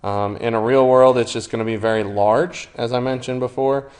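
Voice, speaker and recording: A man's voice: medium pitch, steady tone, normal speed, a little mellow. A man lecturing on electronics, explaining steadily with occasional fillers. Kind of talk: recorded engineering lecture.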